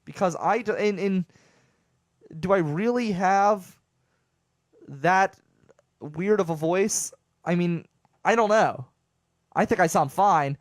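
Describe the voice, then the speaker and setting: A man's voice: sits high, slow, pauses often, dry recording, clean studio sound. A young man from southwestern Pennsylvania hosting his own show, talking casually and animatedly to listeners, rambling with jokes and stammered restarts. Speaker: radio show host. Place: home studio.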